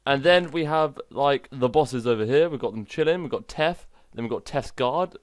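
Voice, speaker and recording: A man hosting a gaming channel, chatting excitably and poking fun at himself while showcasing a game mod. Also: mid-range voice, normal speed, no echo, studio quality. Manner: excitable, chatty, self-mocking.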